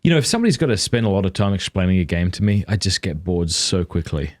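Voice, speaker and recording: Aussie guy hosting a chat, lowish voice, bouncy pitch, dry sound. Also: sing-song, fast talker, no room sound. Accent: Australian. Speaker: podcast host. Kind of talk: casual chat.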